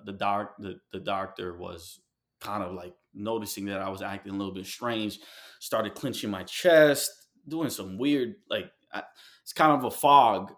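A man from New York City, a guest in an interview, telling a personal story in a heartfelt, halting way with many fillers and restarts. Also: fairly low pitch. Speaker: guest artist.

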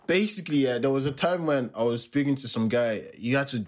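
A young man co-hosting a podcast, casually telling animated stories and acting out voices. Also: mid-range voice, a little fast, crowd noise. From Ireland. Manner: animated storyteller, acts out voices, laughs a lot. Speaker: podcast co-host. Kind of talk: casual chat.

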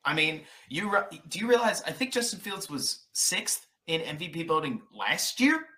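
Bright-voiced man breaking down football film. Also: a little high. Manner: fast, animated analysis. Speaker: podcast guest, football film analyst. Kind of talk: casual chat.

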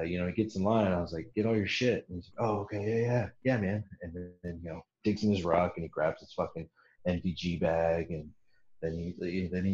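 A man with a lowish voice tells a service story in a loose, profane, laughing way, slipping into the voices of the people he quotes. The sound is roomy and somewhat dull, like a lo-fi room recording. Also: darkish tone. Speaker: military veteran storyteller. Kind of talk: casual storytelling.

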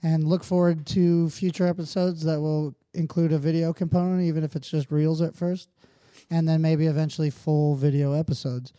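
A man's voice: fairly high pitch, level tone, normal speed, few pauses, warm tone, clean tone, no room sound, clean studio sound. Profane, laid-back podcast co-host man. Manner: profane, joking, speaks in a motivational tone when wrapping up. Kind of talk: casual podcast chat.

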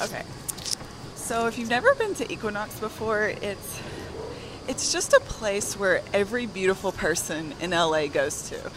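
A soft-spoken Southern woman tells a story while walking on a treadmill. She is out of breath and talks at a middle pitch. Loud gym noise runs under her voice. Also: expressive, normal speed. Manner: soft-spoken, laughs between sentences. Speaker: guest. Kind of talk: casual storytelling.

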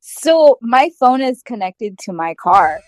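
A woman's voice: a little high, very animated, slow pace, darkish tone, no room sound. A woman co-hosting a podcast, telling stories in a casual, offhand way. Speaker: podcast co-host.

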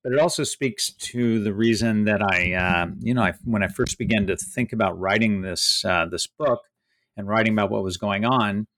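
A man, the author of a book, reads a passage and then reflects on it in a measured way, pausing often between thoughts. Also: lowish voice, fairly bright tone, no echo. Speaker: author discussing his book.

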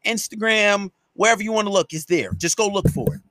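A man with a high voice delivers a solo podcast rant. He scolds his listeners with heavy profanity and hammers every point home, and his voice sounds dry and close, with no room sound around it. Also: fairly quick, fairly bright tone, no echo. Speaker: podcast host and dating coach.

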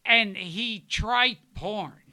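An older man, a guest on a talk show, telling anecdotes in a halting way and often repeating his words. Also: high-pitched, sharp tone. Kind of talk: casual storytelling chat.

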